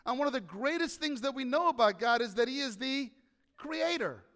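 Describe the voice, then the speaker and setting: A male pastor preaching a sermon in a church, animated, often asking the congregation questions. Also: very high-pitched, moderate pace, big-room sound.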